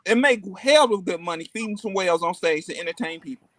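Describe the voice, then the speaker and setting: High-voiced man telling a family story. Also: animated, fast talker, fairly bright tone, no echo. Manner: folksy, tells a family anecdote. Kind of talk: casual podcast chat.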